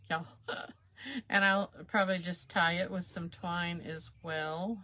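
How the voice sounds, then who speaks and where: A woman's voice: fairly low pitch, fairly even intonation, takes it slowly, sharp tone. A woman, hosting a chatty crafting livestream and laughing at herself as she works. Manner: folksy, self-chuckling, talks while working.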